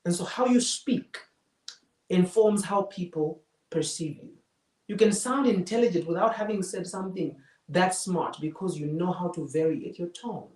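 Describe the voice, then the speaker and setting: A public speaking coach delivers a live masterclass lecture in a medium-pitched, darkish voice with lively intonation and a moderate pace. Emphatic, the coach likes to repeat key phrases for effect. The mic sits far away, leaving a roomy echo.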